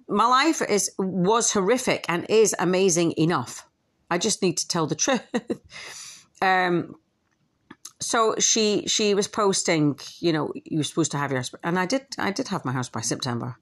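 A woman hosting her own podcast, talking candidly in a casual monologue, swearing and acting out quotes. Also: on the low side. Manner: candid, swearing, animated quoting with laughs. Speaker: podcast host and author. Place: at home with a dog nearby.

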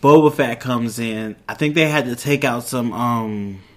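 A man's voice: medium pitch, fairly bright tone. Casual man rambling through a show recap. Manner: rambling, quotes characters in quick voices, loose casual grammar.

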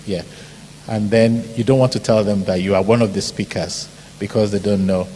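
A middle-aged Nigerian man from Ibadan with a Nigerian accent, a pastor preaching an animated sermon full of stories, mimicked shouts and laughter. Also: fairly low pitch, moderate pace. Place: large church hall. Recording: hall reverb, faint background noise.

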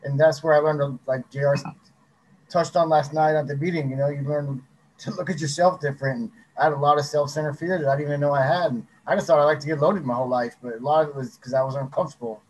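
A man talking quickly and loosely on a casual recovery podcast, with lots of fillers. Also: a little high, steady tone, darkish tone, a little hiss or hum, poor audio. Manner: quick, loose talk full of fillers like "like" and "you know". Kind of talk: casual recovery-group chat.

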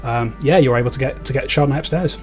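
A man's voice: medium pitch, fast, soft background music. A man narrating a tabletop game as game master, describing scenes in a rambling way.

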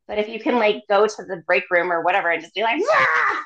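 A woman's voice: medium pitch, fast, a bit bright, dull audio. A woman guest on a podcast, chatting casually and animatedly about chakras, acting out voices and laughing often. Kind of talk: casual chat.

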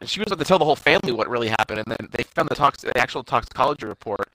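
Bright-voiced man retelling a movie plot. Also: mid-range voice, animated, very fast, a little hiss or hum. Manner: retells plot with quoted lines, swearing. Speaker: podcast co-host. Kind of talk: casual movie review chat.

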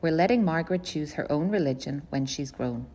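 A woman reading aloud voices a mother, tense and pleading as she explains herself. The tone sits low with a gravelly edge. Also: animated, fairly quick, warm tone, heavily acted. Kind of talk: audiobook character voice.

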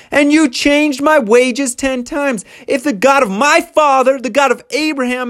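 A man's voice: very high-pitched, pitched above the performer's own voice. A man voicing an aggrieved shepherd from a Bible story, reading his words in a declamatory way. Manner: heated, declamatory scripture reading. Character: wronged hardworking biblical shepherd, a grown man.

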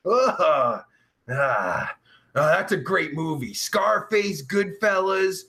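A young man hosts a live stream, reading out chat and riffing in a rambling, profane, sarcastic way. His voice sits high for a man and swoops all over the place, broken up by groans and long sighs. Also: expressive, slow pace, sharp tone.

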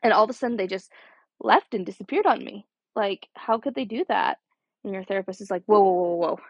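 A woman's voice: mid-range voice, a little fast, vocal fry, breathy edge, no echo. A young college-age woman with a drawl talks through a casual solo podcast. She rambles and circles back, sprinkling "like" everywhere. The recording is dry and a bit muffled. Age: young adult. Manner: rambling, chatty, heavy use of "like". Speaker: podcast host.

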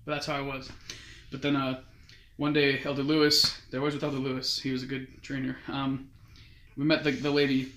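A man's voice: mid-range voice, monotone, a little fast, fairly bright tone, slight background noise. A young man casually telling a long story as a guest. He rambles and keeps quoting others with "he's like". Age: young adult. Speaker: guest recounting his mission. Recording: roomy echo.

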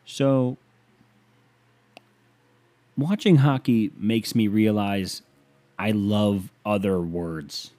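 A man's voice: fairly low pitch, very slow, long pauses, warm tone. An American man doing a sarcastic, profane comedic solo rant as a podcast host. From United States.

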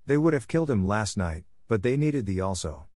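A man voicing a gentle, shrewd panther. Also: lowish voice, animated, brisk, no echo, clean studio sound. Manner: gentle, advising. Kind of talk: audiobook reading.

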